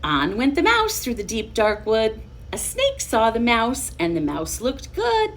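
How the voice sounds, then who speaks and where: A woman teacher reading a children's storybook aloud in an expressive, sing-song way. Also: fairly high pitch, a little slow, slight background noise.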